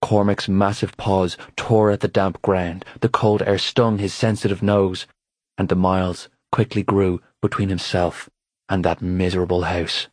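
A man narrating an audiobook in a steady, unhurried reading voice. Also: deep voice, dry recording. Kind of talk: scripted narration.

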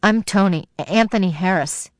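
A shaken teenage boy, read by a woman narrator, tense and defensive, barely shifted from the reader's natural mid pitch. The read is dry and close, with no room around it. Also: normal speed, no echo, close to an everyday voice. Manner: tense, defensive, near her own pitch. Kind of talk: audiobook character voice.

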